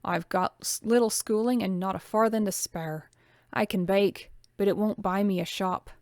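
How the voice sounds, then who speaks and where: A young working-class woman, wistful and eager about her dream of baking, read by a woman narrator. The voice sits at an ordinary middle pitch. The recording is dry and close. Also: steady tone, moderate pace, darkish tone, no echo, lightly acted. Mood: doubtful.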